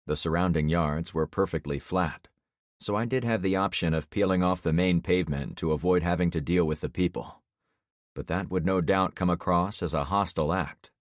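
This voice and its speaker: A man narrating a first-person audiobook in a steady, matter-of-fact way. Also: sits low, no echo, studio quality.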